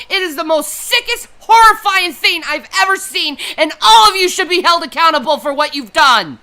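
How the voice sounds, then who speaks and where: A woman's voice: sits high, sing-song, normal speed, hardly any pauses, bright, forceful tone. A grieving woman delivering a furious, profane livestream rant. She often repeats her points and sounds close to tears. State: grieving and upset. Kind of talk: angry unscripted livestream rant.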